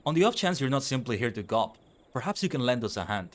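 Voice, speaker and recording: A man's voice: medium pitch, big pitch swings, fast, close to an everyday voice. A man reading a formal, wordy game guard. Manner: courtly, old-fashioned phrasing.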